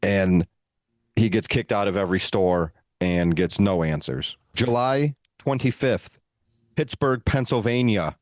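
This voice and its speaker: A man co-hosting a podcast, telling a story in a relaxed, animated way with playful asides. His voice sits low, and the recording is dry and close. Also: a little slow, no room sound. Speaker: podcast co-host. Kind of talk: casual storytelling.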